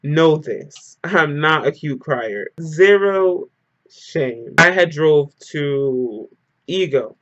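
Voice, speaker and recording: A young man recounts a night out in a casual storytime vlog. His voice sits a little high for a man and runs animated and emotional, filled with "like". The audio sounds somewhat muffled and lo-fi. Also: extremely slow. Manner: animated, emotional retelling full of "like". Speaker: storyteller vlogger.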